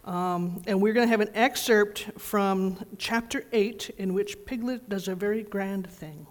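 A woman's voice: mid-range voice, measured pace. Woman reading a story in a reverberant church. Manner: gentle, expressive storytelling. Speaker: pastor giving a children's message. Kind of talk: reading a storybook aloud to children. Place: church sanctuary.

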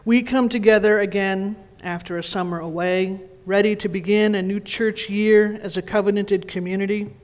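A man's voice: high-pitched, steady tone, moderate pace, hardly any pauses. A man leading a worship service, speaking in an earnest, reflective way to his congregation. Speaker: worship leader. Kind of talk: sermon-style address. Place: church sanctuary. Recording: reverberant church sanctuary.

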